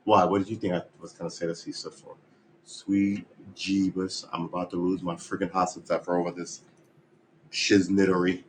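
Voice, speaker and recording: A man's voice: low voice, flat delivery, fairly quick, slight background noise, rough recording. A man live-streaming his guitar practice, chatting in a rambling, jokey, self-mocking way. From United States. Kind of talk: casual live-stream chat.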